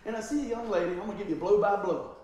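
A man's voice: high voice, racing, distant mic, slight background noise. Man preaching in an echoey hall. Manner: animated, acts out dialogue, swings from loud to hushed. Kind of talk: sermon storytelling.

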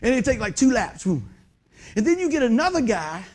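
A middle-aged man preaching a sermon, folksy and animated, full of rhetorical questions. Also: extremely high pitch, fairly quick. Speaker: pastor.

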